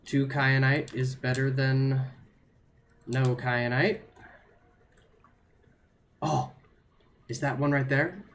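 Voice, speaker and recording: A man's voice: medium pitch, steady tone, slow pace, pauses often, fairly bright tone, a little hiss or hum. A man streaming a video game, talking to himself and his chat in a nervous, repetitive way. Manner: nervous self-talk, repeats phrases under pressure. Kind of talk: live gameplay commentary to chat.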